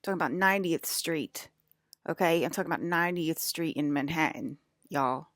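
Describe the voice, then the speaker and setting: Low-voiced rambling Southern woman vlogger. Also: normal speed, no room sound, clean studio sound. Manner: rambling, swearing, paranoid asides. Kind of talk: rambling monologue to camera.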